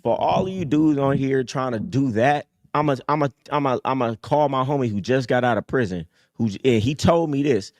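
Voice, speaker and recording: A man hosting a live call-in show, talking casually in a streetwise, preachy way that swings from low mutters up to high emphatic bursts. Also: normal speed, few pauses, no room sound, clean studio sound. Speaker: host. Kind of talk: casual livestream talk.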